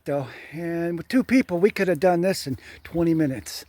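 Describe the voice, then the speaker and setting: A man's voice: a little high, moderate pace, hardly any pauses, dark tone, dry recording, clean studio sound. An older man narrating his own hands-on work in a casual, plainspoken way, breathing hard as he talks. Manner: plainspoken, thinking aloud while working. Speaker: handyman vlogger. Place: outdoors at a well.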